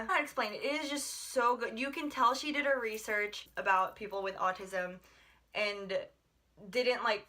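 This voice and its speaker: A woman's voice: a little high, bright, forceful tone. A young woman from the United States chatting through a book review, gushing and rambling with lots of filler words. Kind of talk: casual book review vlog.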